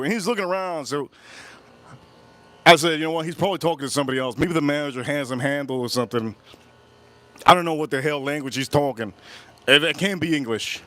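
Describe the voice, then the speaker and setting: A man's voice: fairly high pitch, fast talker, long pauses. A man hosting a livestream, telling a long rambling story and repeating himself as he goes. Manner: rambling, repeats himself, animated retelling with quoted voices. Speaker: whiskey channel host. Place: Miami area, USA.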